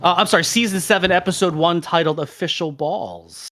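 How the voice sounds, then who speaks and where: Male podcast co-host, high and bright, playful announcer-style intros. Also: brisk. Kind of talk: casual podcast banter.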